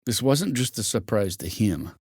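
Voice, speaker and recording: A man narrating a novel in a steady, even storytelling manner. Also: lowish voice, moderate pace, husky, dry recording, clean studio sound. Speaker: audiobook narrator. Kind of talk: scripted narration.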